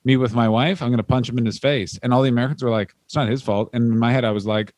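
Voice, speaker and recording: A man's voice: medium pitch, steady tone, racing, darkish tone, no room sound. A Canadian man co-hosting a podcast, telling rambling jokey stories and acting out silly bits. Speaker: podcast co-host. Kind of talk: casual comedic chat.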